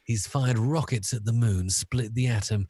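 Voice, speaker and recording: A British man putting on the voice of a menacing, suave male movie villain, with a slow, theatrical, gloating delivery. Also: mid-range voice, warm tone, no echo, clean studio sound, lightly acted. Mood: gloating menace. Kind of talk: playful villain impression.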